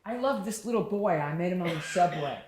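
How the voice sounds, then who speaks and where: A woman's voice: fairly low pitch, expressive, brisk, darkish tone, slight background noise. A woman performing a solo storytelling monologue on stage, tender and reflective, lingering on her words. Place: small studio theater stage. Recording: echoey theater room.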